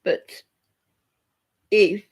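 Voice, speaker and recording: With drawn-out words and a darkish tone, an older woman vlogger rambles in an emotional live chat. She speaks openly to her viewers and reads out what they comment.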